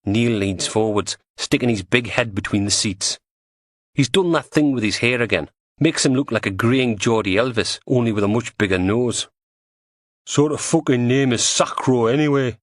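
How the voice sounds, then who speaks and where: A man's voice: on the low side, moderate pace, fairly bright tone, dry recording. A man narrating an audiobook crime thriller in a dry, wry storytelling manner on a close studio mic.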